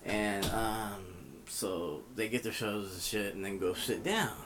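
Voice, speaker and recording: A man with a somewhat low voice tells a story his own way, loose and meandering. He swears freely and keeps dropping in fillers. A faint noise sits under the recording. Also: unhurried. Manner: profane, rambling, heavy with fillers. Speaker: vlogger. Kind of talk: casual storytelling.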